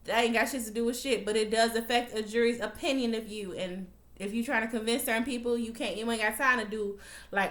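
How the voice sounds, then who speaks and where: A young woman rants through a TV episode recap, fired up and addressing viewers as y'all. Her voice sits a little high and comes across bright and forceful. The room around her gives it a noticeable echo. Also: fast talker. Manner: animated, swearing, talks to viewers as y'all. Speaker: TV recap vlogger. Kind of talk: emotional casual recap. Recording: echoey room.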